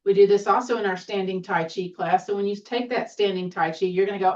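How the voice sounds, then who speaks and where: A woman teaching a seated tai chi class, giving gentle, encouraging cues with playful exclamations. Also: medium pitch, fairly even intonation, fairly quick, distant mic, dull audio. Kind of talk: guided exercise class.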